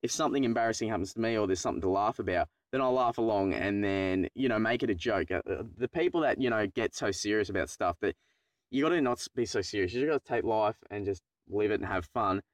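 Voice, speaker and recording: Excitable young guy telling a story. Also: fast talker, dry recording. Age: teenager. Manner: excitable, swears freely, acts out his own panic in low muttered asides. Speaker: vlogger. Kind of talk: casual storytelling to camera.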